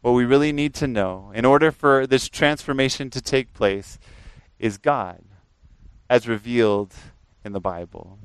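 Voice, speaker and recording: Earnest preaching man, smooth voice. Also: mid-range voice, unhurried, no echo, rough recording. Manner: earnest, swings from raised emphasis to quiet prayer. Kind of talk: sermon.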